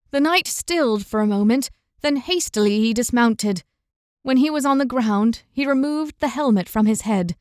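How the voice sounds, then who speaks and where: A woman narrating a fantasy audiobook in an even, measured storytelling voice, close to the mic. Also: fairly high pitch, dry recording.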